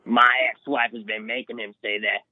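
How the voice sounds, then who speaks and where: A man's voice: medium pitch, flat delivery, moderate pace, no room sound. A man from Minnesota calls into a radio show and complains in an agitated way. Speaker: caller. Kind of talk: call-in radio talk. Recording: tinny phone line.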